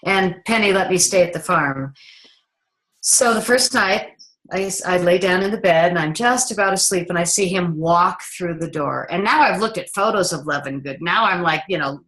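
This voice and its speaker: A middle-aged woman filmmaker telling a story in an interview, lively and acting out the dialogue. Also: fairly low pitch, poor audio. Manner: animated, acts out the dialogue in her stories.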